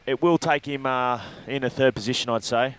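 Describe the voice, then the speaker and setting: A man's voice: mid-range voice, brisk, clean tone. A man giving loose, rambling live commentary on a surf contest, breaking down each ride. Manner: loose, rambling analysis with fillers.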